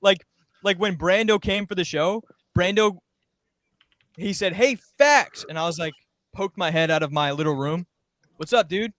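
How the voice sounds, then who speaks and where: A man's voice: high-pitched, normal speed, fairly bright tone, dry recording. A young man and former podcast intern, telling a rambling story in casual chat and acting out quoted lines.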